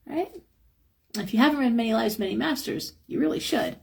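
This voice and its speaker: Talking a little fast in a creaky, darkish, slightly rough voice, a middle-aged woman hosts a relaxed live stream of frank spiritual advice. She reads chat, chats freely, sounds somewhat tired, and performs quotes in a higher voice.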